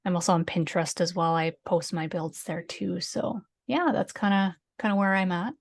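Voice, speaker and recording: Woman from Canada, podcast guest; relaxed, rambling, quick to laugh. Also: fairly low pitch, gravelly. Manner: easygoing, laughs a lot, trailing fillers. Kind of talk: casual podcast interview.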